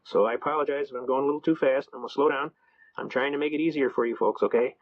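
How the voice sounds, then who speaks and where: Fast-talking folksy man, lo-fi audio. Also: medium pitch, dry recording. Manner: rapid, colloquial, double negatives. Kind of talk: folksy storytelling lecture. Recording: dull lo-fi audio.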